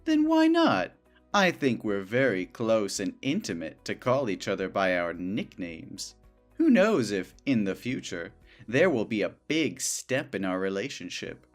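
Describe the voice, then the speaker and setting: A man's voice: lowish voice, huge pitch swings, measured pace, faint music behind. An actor playing a possessive male coworker who talks in a sugary, overly familiar way. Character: clingy possessive male coworker, young adult. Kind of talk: scripted dialogue drama.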